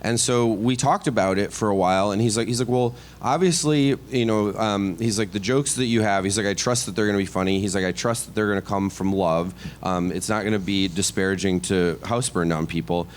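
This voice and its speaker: A middle-aged man, a stand-up comedian, telling a story on a podcast in a casual, animated, self-deprecating way full of asides and restarts. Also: fairly low pitch, a little fast, few pauses, slight background noise. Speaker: comedian guest.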